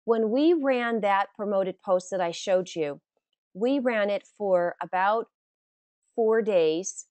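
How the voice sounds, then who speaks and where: A woman's voice: medium pitch, dry recording. Middle-aged woman coaching a webinar, dry sound. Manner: conversational, explains with anecdotes, frequent "uh" fillers. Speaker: webinar host and social media marketing coach. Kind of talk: live webinar teaching with questions. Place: webinar recording.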